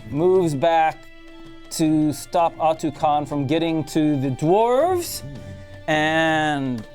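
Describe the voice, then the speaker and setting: A game master running a tabletop game in a studio, quick with rulings and sound effects. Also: medium pitch, animated, warm tone, soft background music. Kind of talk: narrating and refereeing a tabletop game.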